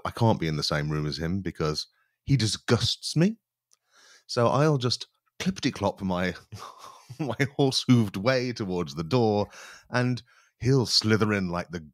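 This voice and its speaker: A man hosting a comedy podcast, giving jokey deadpan setups in casual chat. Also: fairly low pitch, no room sound.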